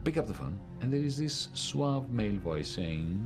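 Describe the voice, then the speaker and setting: Man, middle-aged, very deep voice, measured first-person narration, music underneath. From Greece. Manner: measured storytelling with pauses and fillers. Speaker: documentary narrator.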